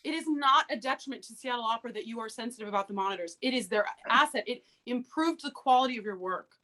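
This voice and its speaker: A woman co-hosting a podcast, speaking emphatically in casual chat and cutting in with quick apologies. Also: a little high, sharp tone. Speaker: podcast co-host.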